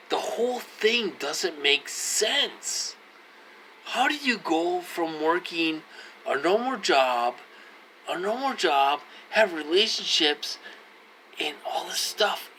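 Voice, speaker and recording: A man's voice: on the high side, pushed and bright, a little hiss or hum, rough recording. A man in his forties talking straight to his viewers, earnest and pleading, circling back to the same points over and over. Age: 40s. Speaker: vlogger. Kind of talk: casual direct-to-camera talk.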